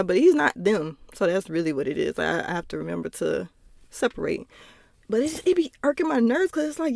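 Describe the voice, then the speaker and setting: With vocal fry in her mid-range, slightly mellow voice, a young podcast host shares personal stories from home in a casual, profane, meandering monologue full of laughing asides. There's no echo, and the sound is clean and studio-like.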